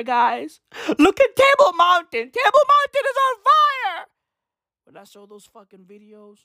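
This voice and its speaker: A woman delivering a profane comic rant, provocative, jumping between loud outbursts and muttered asides. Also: medium pitch, no echo, studio quality.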